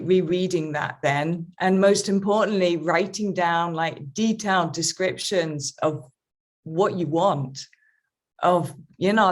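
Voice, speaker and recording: A woman life coach speaking reflectively in an interview conversation. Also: fairly low pitch. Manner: slow, reflective, talks of spirituality.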